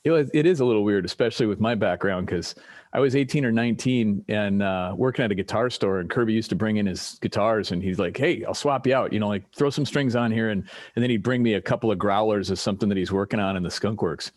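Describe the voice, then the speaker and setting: Low male voice, dry close sound, casual rambling storyteller guest. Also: fast talker, darkish tone, no room sound. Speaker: podcast guest. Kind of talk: casual chat over drinks.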